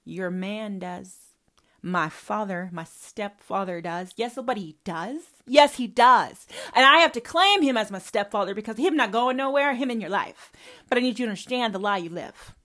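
A woman's voice: medium pitch, animated, moderate pace, pushed and bright. A woman hosting a personal podcast, talking straight to her mother in a profane, confrontational and emphatic way. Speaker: podcast host.

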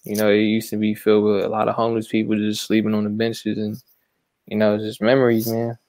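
A young man from San Francisco reminiscing in a relaxed, casual chat. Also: on the low side, fairly quick, dry recording.

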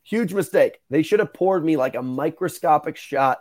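Animated young man telling stories. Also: a little high, moderate pace. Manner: animated, swearing, acts out quoted voices. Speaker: podcast host. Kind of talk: casual storytelling chat.

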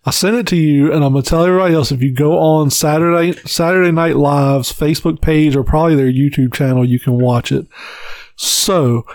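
A man co-hosting a casual podcast, retelling a cartoon episode in an animated way, swearing and laughing often. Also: a little high, a little fast, no room sound. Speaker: podcast co-host. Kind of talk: casual chat.

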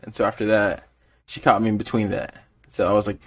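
This young podcast co-host has a lowish, slightly rough voice and a flat, brisk delivery. He rambles through a story from work during casual chat, using many fillers and laughing frequently.

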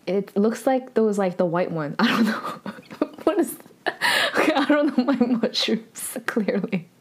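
A woman's voice: fairly high pitch, darkish tone. Woman podcast host, casual recap chat, filler-heavy, chatty.

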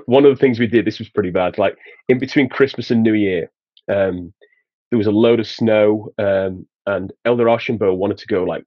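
A man with a Yorkshire accent, low and a little husky, telling anecdotes as a podcast guest. He rambles with restarts and keeps laughing through his own stories. The audio is slightly dull and lo-fi, with a dry sound. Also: no room sound. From England, Sheffield. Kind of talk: casual storytelling.

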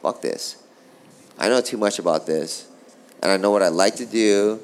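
Deep-voiced man telling a rambling story. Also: brisk, clear, resonant tone. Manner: animated, profane, rambling storyteller. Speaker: guest, former pro surfer. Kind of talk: casual storytelling interview.

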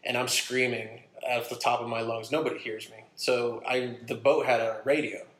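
A man's voice: mid-range voice, normal speed. Roomy-sounding man telling a story. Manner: animated, acts out his own quotes. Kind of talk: casual storytelling. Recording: roomy echo.

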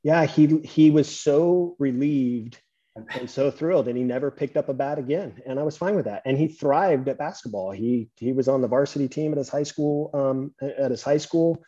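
Middle-aged male host, husky and warm-toned, easy storyteller; slightly muffled lo-fi audio. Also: medium pitch, moderate pace. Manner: relaxed storytelling, acts out dialogue. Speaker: podcast host. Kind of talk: conversational interview. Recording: dull lo-fi sound.

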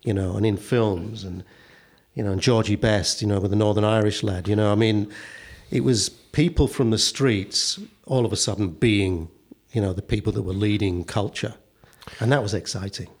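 Older english guy reminiscing, lots of you-knows, kinda low voice. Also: fairly even intonation, moderate pace, breathy edge. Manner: reminiscing, many "you know" fillers. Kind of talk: casual conversation.

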